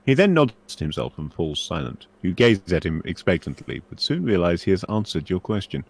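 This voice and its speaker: A man narrating a solo gamebook aloud in a steady, measured way. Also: low-pitched, creaky, breathy edge. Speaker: narrator voicing the book.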